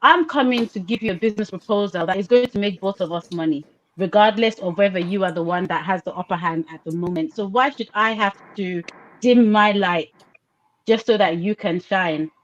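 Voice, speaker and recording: A woman's voice: medium pitch, a little fast. A woman talks in a casual podcast discussion, pressing her points with emphatic repetition. Her voice sits in a middle range and comes through a slightly muffled, lo-fi video call line. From Nigeria. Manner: passionate, emphatic, repeats points for stress. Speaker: podcast co-host. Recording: slightly dull lo-fi call audio.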